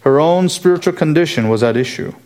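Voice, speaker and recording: A man's voice: on the high side, lively intonation, brisk, a little mellow. A man preaching an earnest expository sermon, asking emphatic rhetorical questions as he explains a scripture passage verse by verse.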